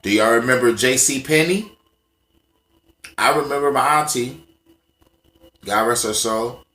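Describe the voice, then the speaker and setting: A man's voice: mid-range voice, measured pace, pushed and bright, echoey room. A man ranting casually to the camera, profane and emphatic as he tells stories from memory. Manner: profane, emphatic, conversational storytelling. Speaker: vlogger.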